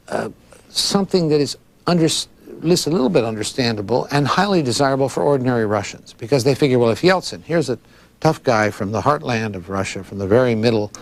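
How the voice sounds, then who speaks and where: A man in his sixties from Philadelphia, giving long, thoughtful and digressive interview answers as a librarian, with frequent restarts. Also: on the low side. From Philadelphia, United States. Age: 60s.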